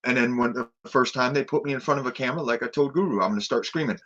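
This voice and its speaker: A man's voice: medium pitch, racing, fairly bright tone. A man ranting with heavy swearing in a casual late-night chat, recorded with dull lo-fi sound. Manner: ranting, profane, emphatic.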